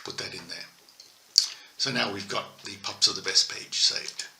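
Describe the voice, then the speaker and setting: A man's voice: fairly low pitch, steady tone, a little slow, vocal fry, very noisy. An older man teaching a coding lesson over a screen recording, thinking aloud and correcting himself as he types. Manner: thinking aloud while typing, self-correcting. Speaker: instructor. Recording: echoey room, faint keyboard clicks.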